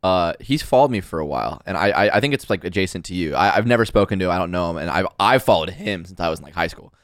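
A man's voice: sits low, animated, fast talker, no room sound, studio quality. A man co-hosting a podcast who tells a rambling story and keeps interrupting himself. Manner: rambling, self-interrupting, amused. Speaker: podcast co-host. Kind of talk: casual storytelling chat.

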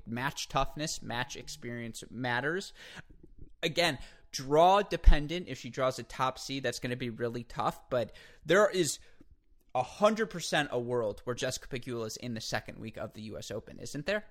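Man, podcast host, casual sports chat, energetic, mid-pitched. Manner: energetic, talks in long runs with restarts.

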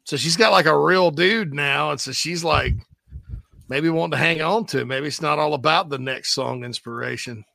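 Gravelly bright-voiced man joking around. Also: fairly high pitch, no room sound. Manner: joking, rambling, quick asides. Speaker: sports talk show host. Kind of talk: casual chat.

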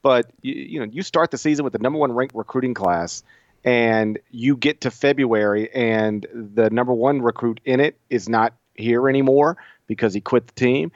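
A man's voice: medium pitch, normal speed, no room sound. A middle-aged man co-hosting a casual sports podcast, teasing his partner and rambling through stories. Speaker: podcast co-host. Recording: dull lo-fi sound.

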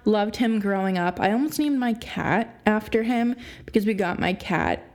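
A young adult woman hosting a sports podcast, ranting in an exasperated, animated way and laughing between points. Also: medium pitch, moderate pace. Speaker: podcast host. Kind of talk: opinionated sports podcast rant.

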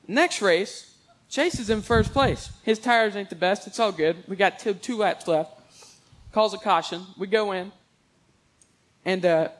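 A young man telling rambling, animated stories in a casual monologue, mixing jokes with religious asides. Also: high voice.

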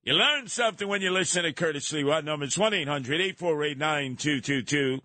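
A man hosting a call-in radio talk show, jokey and theatrical, breaking into loud mock outrage. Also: a little high, lively intonation, brisk. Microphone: studio microphone.

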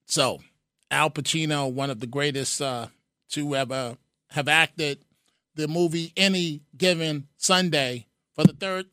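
A man's voice: fairly high pitch, pushed and bright, no room sound, studio quality. Earnest male talk radio host. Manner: earnest, repeats phrases, fillers. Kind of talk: talk radio call-in show. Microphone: studio mic.

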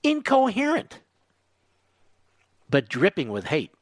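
A man's voice: high voice, wildly swooping pitch, takes it slowly, no echo. A man hosting a political commentary show, reading quotes aloud and answering them with sarcastic, indignant remarks. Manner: sarcastic, indignant, rising to angry shouting. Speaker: talk radio host.

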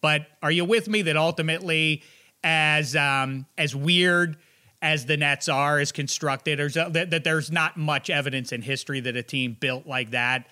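A man hosting casual sports talk, asking questions with lots of restarts and animated asides. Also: on the high side, moderate pace, clear, resonant tone.

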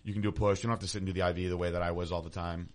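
A man's voice: low voice, level tone. A man co-hosting a podcast in casual chat, telling stories with dry, sarcastic jokes. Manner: fast, joking, sarcastic storyteller. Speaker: podcast co-host.

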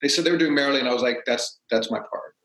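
A man, a stage actor as a guest, telling stories in a casual, animated way and acting out what people said. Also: medium pitch, rapid-fire. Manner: animated, acts out quotes. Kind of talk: casual storytelling. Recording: roomy echo.

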